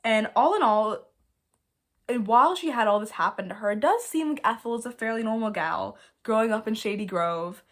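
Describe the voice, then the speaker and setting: A woman's voice: fairly high pitch, expressive, normal speed. Chatty, self-mocking young woman vlogger. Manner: chatty, playful, self-mocking, swings loud and soft. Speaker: video host. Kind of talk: casual vlog commentary.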